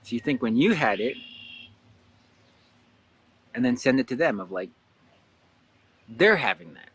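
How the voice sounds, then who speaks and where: A man hosting a casual guided blessing exercise, animated and laughing often, jumping into excited high voices when he quotes someone. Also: measured pace, slightly rough. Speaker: host guiding a blessing exercise. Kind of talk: casual guided meditation talk.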